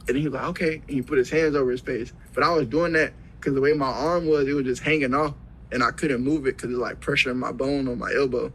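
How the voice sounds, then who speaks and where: A young man speaks at an ordinary middle pitch, telling his story in rough, profane slang. He acts out what everyone said, in a loose, casual flow, with a faint hiss of noise behind him. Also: a bit bright, low-quality recording. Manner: profane slang-heavy retelling, acts out quoted dialogue. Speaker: interview guest.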